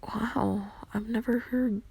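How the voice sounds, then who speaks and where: A woman's voice: on the high side, steady tone, slow, creaky, warm tone, slightly rough, exaggerated voice. A woman voicing a shy young woman who stammers and hesitates.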